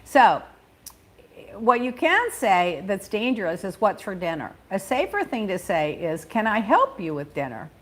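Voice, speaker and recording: A woman hosting a podcast in casual chat, animated and chatty, laughing often. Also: medium pitch, unhurried. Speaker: podcast host.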